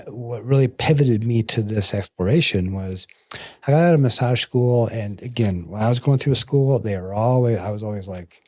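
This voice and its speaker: A man, a massage therapist and energy bodyworker, telling stories as a guest in a casual interview and acting out the quotes with lively jumps in his voice. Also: husky, dry recording. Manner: animated, acts out quotes with jumps in pitch.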